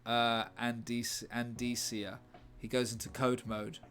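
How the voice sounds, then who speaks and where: A man speaks slowly with little pitch movement in a medium, slightly bright voice, chatting on a live stream as he works on a script. He rambles, jokes and reads chat out loud against faint background music.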